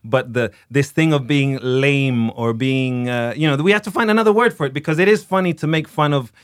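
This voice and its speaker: A man's voice: mid-range voice, brisk, smooth, no room sound, studio quality. A man hosting a podcast, giving casual commentary on films in a chatty, emphatic way with many restarts. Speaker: podcast host.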